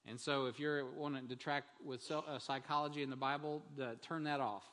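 In a church sanctuary heavy with long hall reverb, a man delivers his Sunday morning sermon as pastor. His voice is medium-pitched, steady and a bit bright, a little fast, and he speaks conversationally with frequent fillers and restarts.

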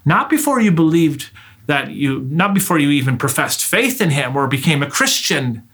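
A man's voice: a little high, sing-song, normal speed, a bit bright, slightly rough. Earnest male preacher giving a sermon. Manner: earnest, rhetorical questions, acts out greetings.

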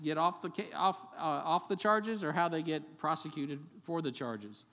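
Animated preaching man in a reverberant hall. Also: fairly high pitch. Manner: animated preaching, acts out quotes, conversational asides. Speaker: pastor. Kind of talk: sermon. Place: church sanctuary.

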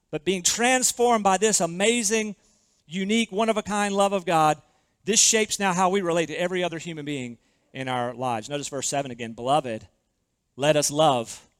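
High-voiced earnest male preacher. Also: fairly quick, clean tone, no echo. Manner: earnest, emphatic preaching with repeated phrases. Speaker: pastor. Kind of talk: sermon.

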